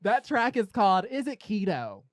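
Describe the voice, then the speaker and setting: A man's voice: high-pitched, very animated, moderate pace, dry recording. Playful laughing male podcast host. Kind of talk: casual chat. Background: hip hop beat.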